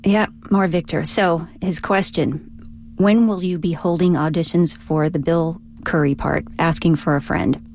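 A woman co-hosting a radio show reads listener emails aloud. She speaks in a lowish, measured voice and spells out words slowly. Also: fairly even intonation, darkish tone. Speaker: radio co-host reading listener mail. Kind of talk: casual radio chat.

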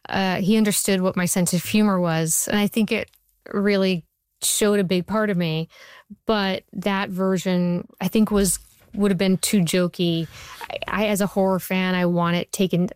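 Smooth, low-voiced woman telling stories. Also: no room sound, clean studio sound. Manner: animated storyteller, chatty with fillers. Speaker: TV writer and showrunner guest. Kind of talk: conversational interview.

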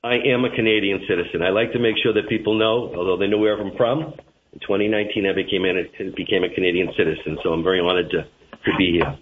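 This man talks with a Boston accent, earnest, often repeating words as he goes. His voice sits very low. He comes through a tinny phone line with faint hiss. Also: steady tone, quick pace. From Boston, USA. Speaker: radio interview guest. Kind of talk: phone-in radio interview.

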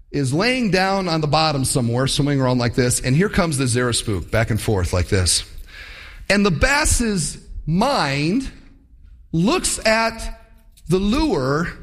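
Male pastor, sermon delivery, expressive storyteller, slightly higher voice with a very wide range. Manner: animated storytelling, acting out voices.

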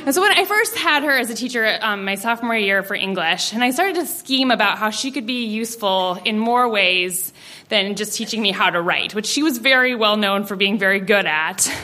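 A young woman telling a personal story live on stage, animated and self-mocking, often laughing through her lines. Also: medium pitch, normal speed. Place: stage at a story slam before an audience.

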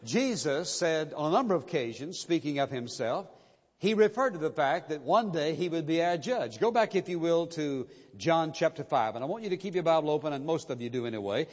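High-voiced man preaching emphatically. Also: animated, a little fast. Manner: emphatic, insistent preaching with repeated phrases. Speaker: pastor. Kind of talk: sermon. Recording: dull muffled recording with long hall reverb.

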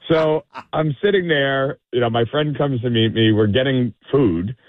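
A politician calling in to a radio show, telling a story with animation and acting out the quotes. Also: male voice, medium pitch, unhurried, slight background noise. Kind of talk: anecdote on a call-in radio show. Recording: phone-line call.

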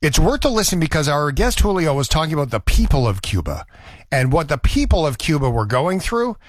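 A man's voice: on the high side, sing-song, fairly quick, no room sound. A man from Canada hosting a radio show, chatting in a rambling, conversational way. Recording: dry studio sound.

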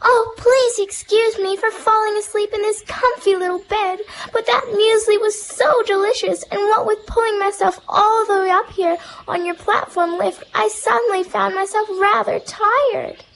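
A woman voicing a polite, apologetic young girl in a high voice. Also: fairly even intonation, moderate pace, hardly any pauses, a little hiss or hum.

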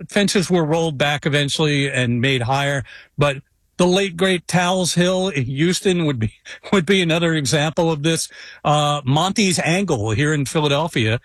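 A man guesting on a casual sports chat, upbeat and relaxed. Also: on the high side, no echo. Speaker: guest, graphic artist and author.

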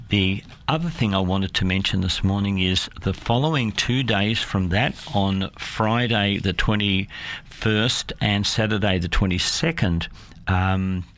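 A man hosting a Christian radio program, reading announcements in an unhurried way with many fillers and self-corrections. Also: low-pitched, fairly bright tone, no echo.

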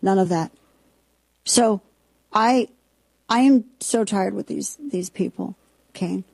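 A woman's voice: mid-range voice, slow, vocal fry, darkish tone, husky, no room sound. A woman hosting a talk radio show, ranting in a sarcastic, indignant way about the news. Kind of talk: opinionated political talk radio.

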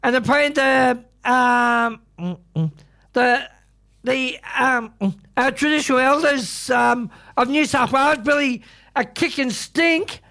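An Australian man hosting a community radio show, talking in a halting way with lots of fillers and restarts, and full of strong opinions. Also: very high-pitched, sharp tone. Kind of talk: casual radio chat.

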